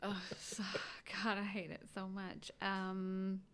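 A woman's voice: mid-range voice, completely flat delivery, slow, a bit bright, clean tone. A woman co-hosting a casual podcast, chatty and rambling, laughing often. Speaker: podcast co-host. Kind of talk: casual chat.

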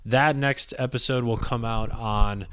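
A young man in his twenties recounts a story on his podcast in a loose, rambling way, full of fillers and asides. His voice is smooth and clear at a middle pitch, recorded close with a dry, dead sound. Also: steady tone, unhurried, fairly bright tone, no echo. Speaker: podcast host and comedian. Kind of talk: casual storytelling monologue.

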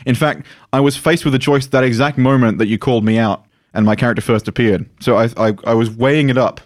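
A man's voice: medium pitch, fairly even intonation, fast, no room sound, studio quality. A man chatting on a podcast, telling long digressive stories. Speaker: podcast co-host and tabletop player. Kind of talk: casual podcast chat.

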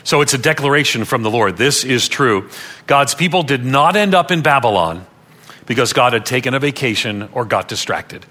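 Bright-voiced pastor preaching a sermon. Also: male voice, medium pitch, expressive, moderate pace. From Long Island, New York. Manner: earnest teaching, repeats key phrases for emphasis.

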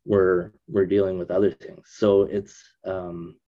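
A man in casual conversation, thinking aloud with restarts, usually subdued but getting emphatic when excited. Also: low-pitched, measured pace, phone-quality sound.

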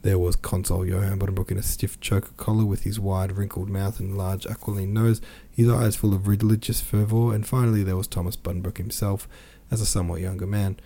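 Deep, dark-toned man reading a novel. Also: flat delivery, a little fast, hardly any pauses. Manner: reads with quoted dialogue and brief asides. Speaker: podcast reader.

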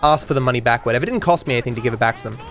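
Racing along in a medium-pitched, slightly bright voice, a man who hosts a podcast and streams rambles through a story. He keeps restarting and swears casually as he goes.

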